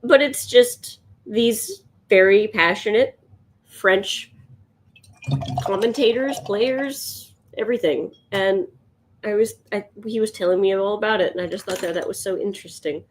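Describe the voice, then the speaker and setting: A woman's voice: medium pitch, unhurried, slight background noise. A woman chatting casually and rambling while she sketches on a live stream. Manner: rambling, chatty, laughs often. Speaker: art streamer.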